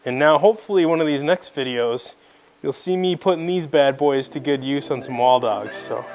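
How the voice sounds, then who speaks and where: A young man, casually explaining his fishing gear in a relaxed, folksy way. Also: fairly high pitch, normal speed, faint music behind. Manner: relaxed, folksy, conversational with fillers. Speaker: fishing video host. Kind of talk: casual gear rundown to camera.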